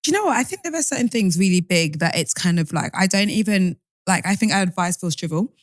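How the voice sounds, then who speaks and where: A woman's voice: lowish voice, lively intonation, quick pace, no echo, studio quality. A young woman, co-hosting a podcast in candid, rambling casual chat. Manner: rambling, candid, restarts often. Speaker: podcast co-host.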